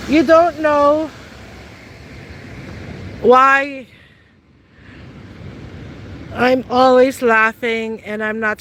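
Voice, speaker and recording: A woman's voice: sits high, fairly bright tone, slight background noise, rough recording. A middle-aged woman in casual, teasing chat with live viewers outdoors, laughing often. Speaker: vlogger. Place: outdoors on a city street.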